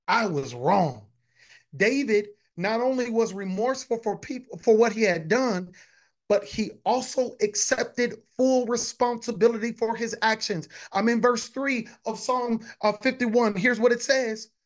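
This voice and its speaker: A man, a pastor preaching a conversational sermon, repeating phrases and talking to his congregation directly. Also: high voice.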